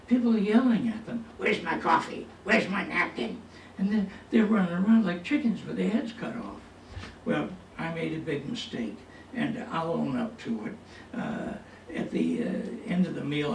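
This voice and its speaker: A man's voice: a little high, creaky, a little mellow. A man telling a folksy comic story to an audience at a senior center, with a chatty, punchline-driven delivery. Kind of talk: stand-up storytelling. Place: senior center hall with a tall ceiling. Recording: echoey hall, distant mic, faint noise.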